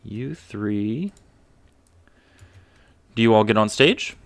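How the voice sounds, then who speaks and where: Male game master, slow easy narration, crisp clear voice, dry close sound. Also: lowish voice, animated. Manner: casual, swears, laughs at own jokes.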